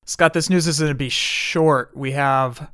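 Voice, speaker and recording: A man co-hosting a casual podcast chat, easygoing and quick to laugh. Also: on the high side, steady tone, noisy background. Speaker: podcast co-host.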